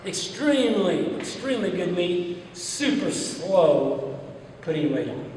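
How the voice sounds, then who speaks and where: A man's voice: high voice, sing-song, takes it slowly, darkish tone, a little hiss or hum. A man with a Midwestern American accent giving a folksy, plain-spoken conference talk, telling stories with quoted back-and-forth. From United States. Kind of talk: conference talk with audience questions. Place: large hall. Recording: roomy hall, speaker heard from a distance.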